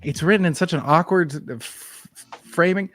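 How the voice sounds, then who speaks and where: A man's voice: high voice, moderate pace, fairly bright tone, no room sound, faint music behind. A man hosting a chat, reading old messages aloud and laughing often as he reads. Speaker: host. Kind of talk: comic reading aloud with banter.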